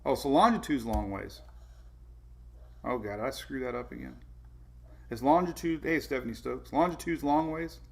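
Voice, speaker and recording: A man's voice: mid-range voice, normal speed, creaky, long pauses, darkish tone. A man hosting a casual weather livestream, rambling and correcting himself, chuckling and reading out viewer comments. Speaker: weather show host.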